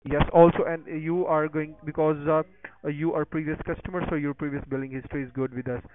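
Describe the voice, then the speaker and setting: Fast-talking man on tinny phone. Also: little pitch movement, noisy background. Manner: rushed, pushy sales pitch turning to insults. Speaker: phone scammer.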